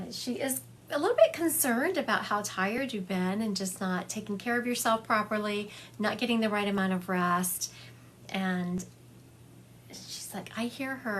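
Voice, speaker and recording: Speaking over a phone livestream from her home, a woman psychic medium gives readings to viewers in a medium-pitched voice with slight background noise. She's chatty and affectionate, calling people honey and laughing often.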